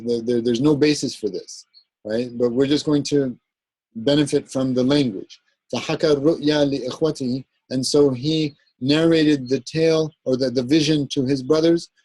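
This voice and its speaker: Husky-voiced male Arabic teacher. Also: mid-range voice, a little mellow, no echo, low-quality recording. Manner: explains step by step, often checking with "right?". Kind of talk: classroom lecture.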